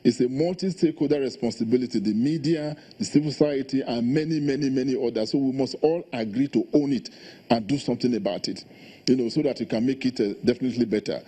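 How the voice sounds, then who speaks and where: A man, a guest in a TV studio interview, speaking quickly and insistently about policy. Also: mid-range voice, dark tone, husky. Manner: fast, insistent, policy talk. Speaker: election official guest.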